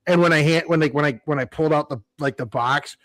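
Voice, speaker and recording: A man's voice: a little high, fast talker, a bit bright. A man co-hosting a podcast in laid-back casual chat, often repeating words as he starts a thought. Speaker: podcast co-host.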